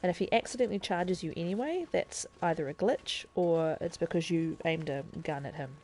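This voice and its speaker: A woman talking casually into a desk mic on a live game stream, walking viewers through each step and thinking aloud as she goes. Her voice sits a little low and sounds mellow, with a faint hiss of room ambience behind it. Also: a little fast. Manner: chatty and explanatory, thinking aloud as she plays.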